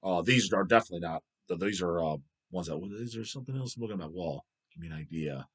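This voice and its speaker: A man's voice: sits low, expressive, quick pace, fairly bright tone, breathy edge. A man around forty from the United States, hosting a casual livestream chat and swearing constantly as he rants. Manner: profane and ranting. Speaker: livestream host.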